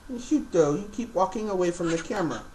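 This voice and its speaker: Man, pet owner, sing-song baby talk, high voice, swoops up and down, at home. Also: animated, quick pace, noisy background. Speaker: pet bird owner filming his birds. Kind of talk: casual home video chat.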